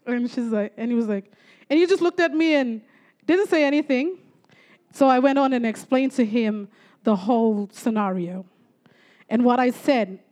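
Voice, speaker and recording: High-voiced woman. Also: normal speed. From Torres Strait, Australia. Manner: lively storytelling with frequent praise interjections. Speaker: church speaker giving testimony. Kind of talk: church testimony.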